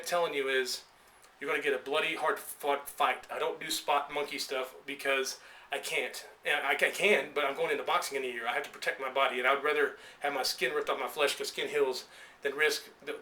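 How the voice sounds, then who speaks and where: A man's voice: medium pitch, sharp tone. A man, an independent pro wrestler, cutting a rambling, emotional promo of his own. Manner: intense, rambling and emotional, with many restarts. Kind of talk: rambling self-made promo video.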